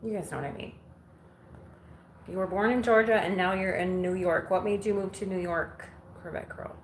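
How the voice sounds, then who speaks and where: Speaking at a moderate pace in a mid-range voice with fairly even intonation, a woman from Illinois does housework and chats frankly with people watching her live. She answers their comments and lets a curse slip now and then. The recording, made in her kitchen and living room with the windows open, is roomy and carries faint background noise.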